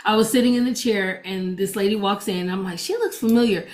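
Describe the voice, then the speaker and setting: A woman preacher and gospel DJ shares a personal testimony with an audience, speaking fairly quickly in a mid-range voice. She's chatty and acts out the quoted dialogue as she tells the story.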